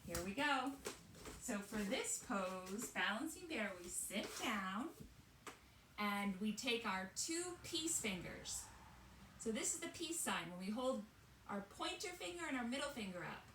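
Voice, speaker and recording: Slow, gentle woman teaching kids' yoga. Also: a little high, very animated, roomy sound, recorded from a distance, slight background noise. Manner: gentle, encouraging, sing-song teacher's voice. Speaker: children's yoga instructor. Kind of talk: reading a picture book aloud and leading kids' yoga.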